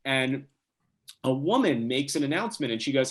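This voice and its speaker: A young man from New Jersey, a podcast guest telling a casual story with lively, quick restarts. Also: medium pitch. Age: young adult.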